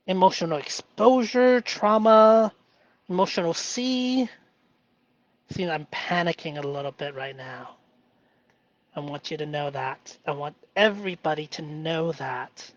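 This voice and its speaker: A man hosting a live stream, talking through his feelings in an earnest, halting way with many fillers. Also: sits high, lo-fi sound. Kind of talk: emotional self-reflective live stream.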